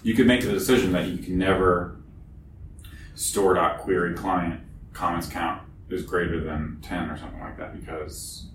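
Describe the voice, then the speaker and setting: Low-voiced man talking shop in an echoey room. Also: steady tone, moderate pace. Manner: thinks aloud, restarts mid-sentence. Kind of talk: casual technical chat. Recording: echoey room, distant mic, background noise.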